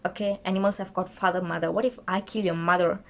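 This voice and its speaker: A woman's voice: lowish voice, fast. Indignant young woman telling a storytime. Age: young adult. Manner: animated, indignant, acts out quotes. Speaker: vlogger. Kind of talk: casual storytime vlog.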